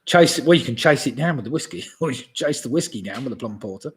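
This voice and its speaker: A man in his sixties hosting a live quiz from home, chatting casually, chuckling often and reading each question slowly twice. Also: mid-range voice, lively intonation, a little hiss or hum. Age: 60s. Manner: chatty, chuckles often, asides about beer; reads questions slowly and repeats them. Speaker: pub quiz host.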